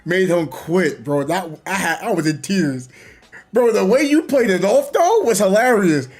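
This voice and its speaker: A man's voice: high voice, expressive, a little slow, darkish tone. A young man, chatting casually and animatedly about online gaming, laughing often and using slang. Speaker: gaming streamer. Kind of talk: casual chat.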